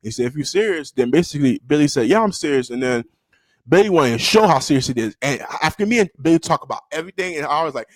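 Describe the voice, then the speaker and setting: A young man telling a story to camera in a loose, slangy way, full of fillers and restarts, and breaking into high-pitched yelps when he acts out quotes. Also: expressive, quick pace, no echo. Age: young adult. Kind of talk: casual storytime.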